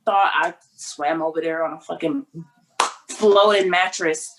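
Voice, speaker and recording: Animated young woman telling a story. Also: sits low, a little slow, noisy background. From Detroit, United States. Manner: animated, acts out quoted voices, swears freely. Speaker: podcast guest. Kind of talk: casual storytelling chat.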